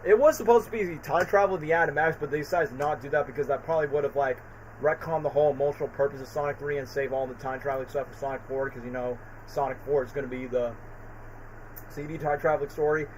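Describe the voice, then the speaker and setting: A man chatting casually on a live stream, talking in an excited, rambling way with lots of fillers. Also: a little high, fast talker, slight background noise, rough recording. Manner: excited, rambling fan talk with many fillers.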